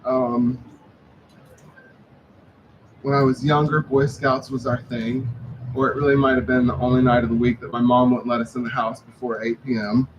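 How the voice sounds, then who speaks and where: A man's voice: mid-range voice, little pitch movement, moderate pace, pauses often, dull audio. Guy doing a eulogy for his dad, joking stories, kinda noisy room. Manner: warm anecdotal storytelling with light humor. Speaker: son giving a eulogy. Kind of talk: memorial speech, storytelling. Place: memorial service venue.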